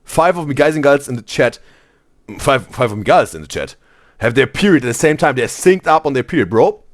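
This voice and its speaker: A man hosting a live stream, reading chat messages aloud in a casual, excitable way and saying "bro" constantly. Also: mid-range voice, fairly quick. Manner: animated, exclaims "bro" constantly, laughs often.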